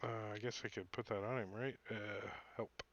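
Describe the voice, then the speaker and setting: A man's voice: on the low side, fairly even intonation, brisk, muffled recording. A man playing a tabletop game, chatting casually and joking at his own expense. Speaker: player.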